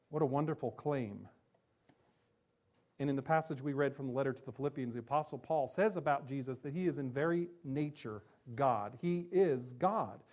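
A pastor preaching a sermon, emphatic, slowing down on key phrases and dropping low and soft when he quotes scripture.

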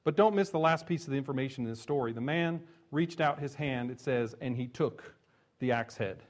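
A man preaching a sermon, telling the story with animated swings from emphatic peaks to quiet low asides, chuckling between points. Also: fairly quick. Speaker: pastor.

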